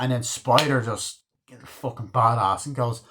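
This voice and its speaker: A man's voice: medium pitch, fairly even intonation, normal speed. Rambling, swearing man reviewing a movie. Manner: rambling, swears a lot, acts out quoted scenes.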